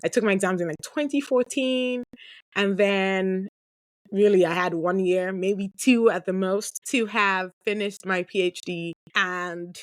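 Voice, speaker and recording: A woman in her thirties with a mid-range voice talks at a measured pace in a dry recording. As a podcast host responding to listener questions, she tells candid stories conversationally, laughing a lot and wandering into asides full of fillers.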